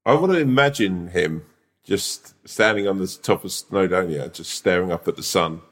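Very deep-voiced playful man telling a tale. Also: lively intonation, normal speed, fairly bright tone. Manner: playful, rambling. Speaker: podcast co-host. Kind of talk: improvised storytelling.

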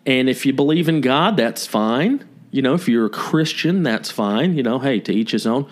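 A man's voice: medium pitch, huge pitch swings, moderate pace. A man from the South, co-hosting a casual podcast and ranting heatedly with plenty of swearing. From Southern United States. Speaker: podcast co-host.

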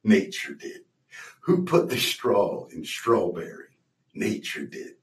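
A man voicing a surly fast-food worker in a low, drawling, sarcastic voice. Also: big pitch swings. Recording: roomy, mic at a distance.

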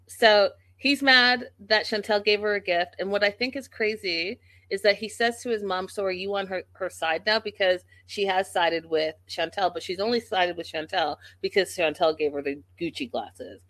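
A woman's voice: mid-range voice, moderate pace, a bit bright, dry recording. A woman giving a casual, sassy recap of a reality show, acting out quotes in exaggerated voices.

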